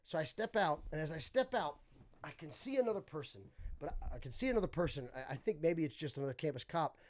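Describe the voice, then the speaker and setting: Animated young man telling a story. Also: fairly high pitch. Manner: animated, laughing storyteller doing quick voices. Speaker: podcast guest. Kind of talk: casual storytelling.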